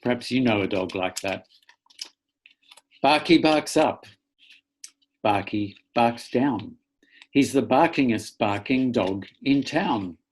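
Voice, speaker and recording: A man, a children's author, reading a picture book aloud to children in a playful, theatrical way with loud barks, over an online link from home. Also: mid-range voice, expressive, slow, long pauses.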